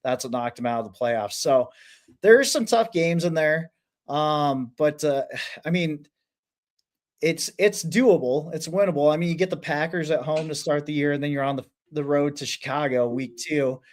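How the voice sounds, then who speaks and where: A man guesting on a sports podcast, talking casually and thinking out loud with many fillers. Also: fairly high pitch, normal speed.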